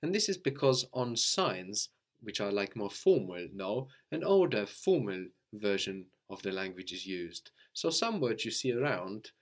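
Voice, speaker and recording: A man's voice: on the low side, very animated, measured pace, hardly any pauses. A man teaching a spoken language lesson, patiently explaining and quizzing his student, then repeating the answers.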